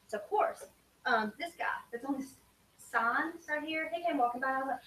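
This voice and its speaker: A woman telling travel stories to a group in a casual, animated way. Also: a little high, brisk. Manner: animated, acts out quoted lines. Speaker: student speaker sharing travel stories. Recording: echoey room from a distance, faint hiss.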